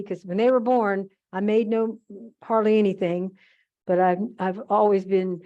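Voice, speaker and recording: Rambling older woman with a mellow voice. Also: medium pitch, fairly even intonation, measured pace, muffled recording. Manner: rambling, fond, frequent asides and self-corrections. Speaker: guest speaker at a museum holiday event. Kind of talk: chatty anecdotal talk to an audience.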